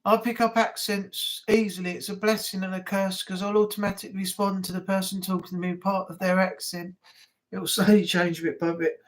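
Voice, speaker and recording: A woman's voice: mid-range voice, flat delivery, brisk, poor audio. A woman hosting a casual weekly live chat, rambling easily from one thing to the next with frequent "like" and "you know". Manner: rambling, lots of fillers and asides. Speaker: live-stream host.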